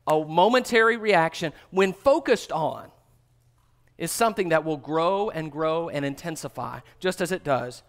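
High-voiced earnest man preaching a sermon. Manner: earnest, drops to a hushed voice for emphasis. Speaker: pastor.

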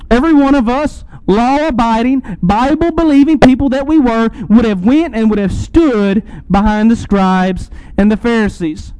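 High-voiced, emphatic man preaching. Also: warm tone, clear, resonant tone, no echo, low-quality recording. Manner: preaching with rising emphatic swells and slow pauses. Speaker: pastor. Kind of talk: sermon.

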